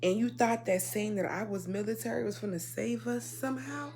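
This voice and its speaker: A young woman telling a personal story in a casual, indignant rant, swinging between loud outbursts and quiet asides. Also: a little high, brisk. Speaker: storyteller vlogger.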